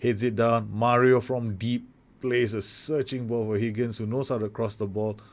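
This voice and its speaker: A young man casually commentating his own football management game, chatty and excitable, with self-corrections and asides. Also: medium pitch, moderate pace. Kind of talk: casual let's-play commentary.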